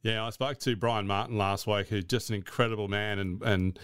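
A man's voice: on the low side, fairly even intonation, moderate pace, a bit bright. A man hosting a casual radio interview in a studio, friendly and easygoing. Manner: friendly, easygoing, some restarts. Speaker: radio host. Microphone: studio mic.

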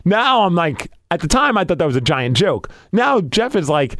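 A man co-hosting a casual podcast, telling a story with animated, acted-out dialogue. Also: a little high, moderate pace, no echo, clean studio sound. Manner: animated storytelling, acting out quoted lines.

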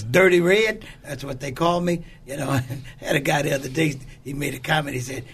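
Speaking briskly in a voice on the high side that is a bit bright, with vocal fry and a breathy edge, a guest recounts his life in conversation. He is an older bishop from Oakland, California, giving candid, emphatic testimony and acting out quotes with a preacher's cadence.

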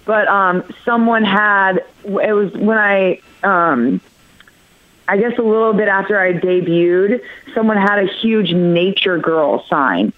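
A woman's voice: medium pitch, slow pace, dry recording. Chatty woman guest on dull lo-fi audio. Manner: chatty, laughing storyteller. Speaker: interview guest. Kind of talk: casual interview.

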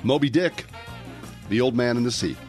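A man co-hosting a radio show, firing off quiz prompts in a playful, quick way. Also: medium pitch, darkish tone, faint music behind. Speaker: radio co-host. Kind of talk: casual radio banter.

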